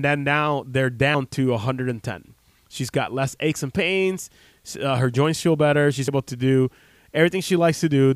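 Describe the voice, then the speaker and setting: A man's voice: medium pitch, no room sound. A man in his thirties, a chiropractor hosting a radio talk show, speaking casually with many fillers and restarts into a close studio mic.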